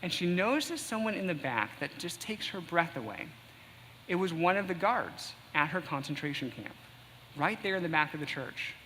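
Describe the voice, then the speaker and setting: A man preaching a sermon in earnest tones, reading a passage aloud slowly at times. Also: on the high side, big pitch swings, sharp tone, slight background noise. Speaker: pastor. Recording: echoey hall with faint ambience.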